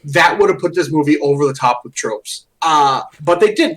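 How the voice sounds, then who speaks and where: A man's voice: on the high side, normal speed, fairly bright tone. A man co-hosting a podcast in casual chat, rambling through movie scenes and retelling jokes. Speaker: podcast co-host. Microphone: close desk mic.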